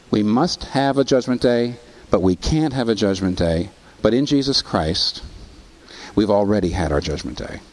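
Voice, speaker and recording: A man preaching a sermon, asking rhetorical questions and rising in pitch on emphasis. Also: darkish tone. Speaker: pastor.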